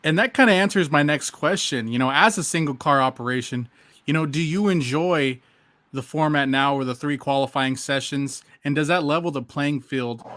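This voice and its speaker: Enthusiastic podcast host, dry sound. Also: male voice, a little high, moderate pace, a bit bright, no room sound. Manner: enthusiastic, laughs along. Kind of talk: podcast interview questions.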